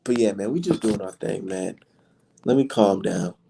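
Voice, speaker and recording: A man giving a profane, excitable reaction to boxing clips on his vlog, swearing and mocking as he talks. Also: fairly low pitch, moderate pace, vocal fry, husky. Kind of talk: profane casual reaction commentary.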